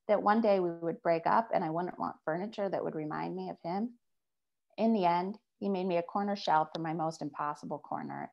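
A woman author reads her own fiction aloud, steady and measured. Her voice sits on the low side, with a gravelly fry at the ends of phrases. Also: lo-fi sound. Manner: measured first-person reading.

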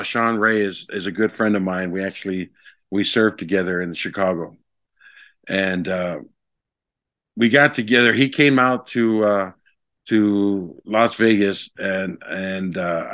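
Low-voiced man telling a long story. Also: no room sound. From Hawaii. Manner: rambling, animated storyteller with many fillers. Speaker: guest. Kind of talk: storytelling interview.

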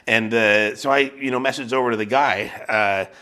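A male pastor giving a sermon at an ordinary middle pitch. He tells the story loosely and conversationally, often restarting his sentences and adding fillers as he goes. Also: moderate pace, bright, forceful tone. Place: church service streamed online.

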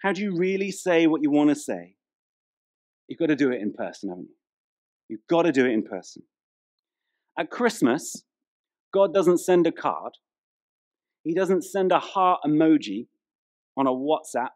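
A man's voice: a little high, sing-song, moderate pace, pauses often, darkish tone. A man, preaching a humorous, chatty sermon in a church. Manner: humorous storytelling, chatty, playful with the congregation. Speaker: pastor.

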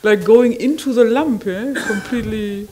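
A woman's voice: a little high, a little mellow, low-quality recording. Woman recounting, peppered with "yeah?". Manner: halting, frequently adds a questioning "yeah?"; wondering, marvelling delivery. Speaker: community member sharing an experience. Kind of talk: personal recollection in conversation.

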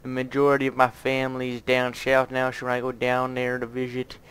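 A man's voice: mid-range voice, completely flat delivery, brisk, a bit bright, smooth. A man with a light Southern US accent hosting casual gameplay commentary, rambling and thinking aloud, often muttering to himself. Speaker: gaming channel host.

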